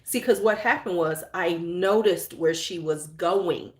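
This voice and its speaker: A woman's voice: on the low side, unhurried, echoey room. A woman hosting a casual live chat, telling stories bluntly with lots of swearing and answering viewers as she goes. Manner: blunt, profane, animated storyteller. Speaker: channel host.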